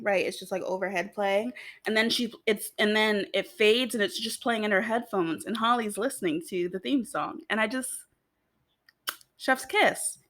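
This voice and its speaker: A young American woman rambling through a TV recap in a casual, chatty way, giggling between thoughts and tossing in little asides. Her voice sits at an ordinary middle pitch for a woman. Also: a bit bright. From United States. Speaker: video host.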